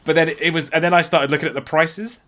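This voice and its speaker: Bright-voiced man, sweary banter. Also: fairly high pitch, quick pace. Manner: animated, sweary, laughs often. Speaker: podcast co-host. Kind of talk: casual chat.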